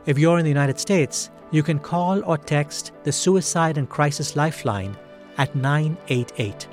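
A man hosting a podcast, reading scripted narration in a calm, measured way. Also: fairly high pitch, faint music behind. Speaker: podcast host.

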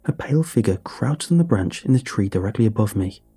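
Dark husky-voiced male horror narrator. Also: lowish voice, fairly quick, soft background music. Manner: steady, dramatic storytelling delivery. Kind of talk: scripted first-person horror narration.

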